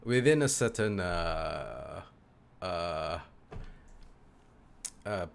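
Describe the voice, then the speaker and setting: A man's voice: low voice, sing-song, drawn-out words, gravelly, smooth. A man co-hosting a casual book discussion, talking hesitantly with many fillers. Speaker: book podcast co-host.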